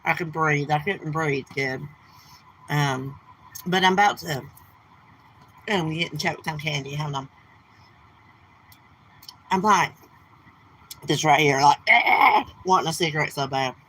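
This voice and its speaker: A woman in middle age talks straight to her live stream viewers, gossiping bluntly and cussing as she goes. Her voice sits on the low side. Faint outdoor noise hums behind her. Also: a little slow, long pauses, a bit bright, low-quality recording. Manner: blunt, gossipy, cussing, Southern turns of speech. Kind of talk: casual live stream chat. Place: outdoors near her home.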